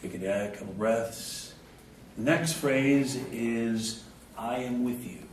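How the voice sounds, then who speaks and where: A man in his fifties gives a guided spiritual talk, stretching short affirmations out slowly and easing into humorous personal stories. His mid-pitched voice comes from some way off the mic in an echoey hall. A faint room ambience sits underneath. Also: recorded from a distance, a little hiss or hum. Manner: slow, drawn-out chanting of short affirmations; relaxed, humorous storytelling. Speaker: spiritual speaker. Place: indoor event venue before a live group.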